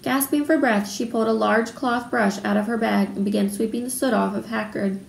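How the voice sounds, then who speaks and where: A woman reading a children's novel aloud in a steady storytelling manner. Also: mid-range voice, brisk, vocal fry. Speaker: readalong reader. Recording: roomy room, faint background noise.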